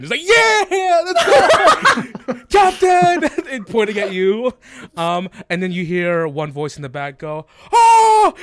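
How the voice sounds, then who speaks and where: A man narrating a tabletop game as game master, rambling and laughing often. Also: sits high.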